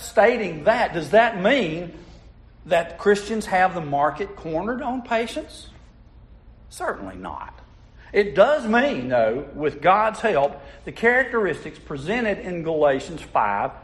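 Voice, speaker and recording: A man preaching a sermon, telling stories in a folksy way and putting asides to the congregation. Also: high voice. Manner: folksy storytelling with audience asides.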